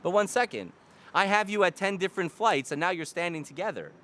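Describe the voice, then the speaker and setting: A man giving a lively Torah lecture, firing rhetorical questions and repeating key lines for emphasis. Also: high voice, a little fast. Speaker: Torah teacher.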